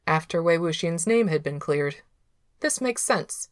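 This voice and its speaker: Woman, story narration, low voice, steady unhurried reading, dry close mic. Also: dry recording. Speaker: reader of fan fiction. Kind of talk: audiobook narration.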